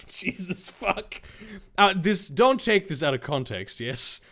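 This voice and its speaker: Brief: man reading bad fanfic for laughs, mocking asides, lively pitch, a touch high. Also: slow pace. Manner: sarcastic, incredulous, swearing, mocking asides. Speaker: host reading fanfiction aloud. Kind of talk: comedic reading with commentary.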